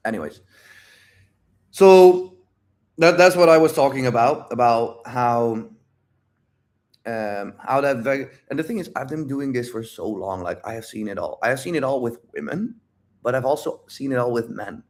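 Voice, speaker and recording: Brief: male dating coach, mid-pitched, blunt and animated casual livestream delivery. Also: moderate pace. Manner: blunt, animated, repeats phrases, swears freely. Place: home livestream.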